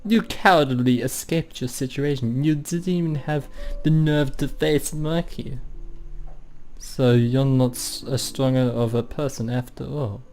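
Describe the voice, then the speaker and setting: A man's voice: medium pitch, darkish tone, soft background music, natural voice. A man voicing cold, taunting girl apparitions. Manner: cold, accusing, drawn-out delivery. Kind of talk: reading a visual novel aloud.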